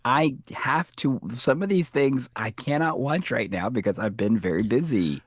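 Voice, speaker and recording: A man's voice: medium pitch, animated, normal speed, husky, no echo, studio quality. A man co-hosting a podcast in a casual, laid-back, wry manner. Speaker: podcast co-host. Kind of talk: casual chat recapping a TV episode.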